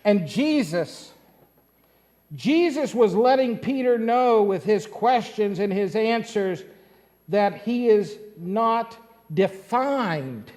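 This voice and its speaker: A man preaching a sermon in a church, telling a story with lively questions to the congregation. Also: high-pitched, takes it slowly. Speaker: pastor. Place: church sanctuary. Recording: long church-hall reverb.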